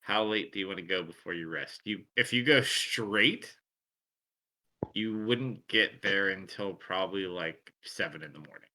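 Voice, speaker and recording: A man's voice: low-pitched, unhurried, pushed and bright. A man acting as dungeon master, laying out travel times and options for the players in a laid-back way. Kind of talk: running a tabletop game.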